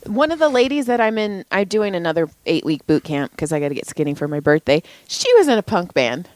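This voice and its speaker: A woman nearing fifty co-hosting a podcast in casual chat, excitable, laughing, swearing and chiming in. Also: fairly low pitch, a little fast. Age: turning 50. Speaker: podcast co-host.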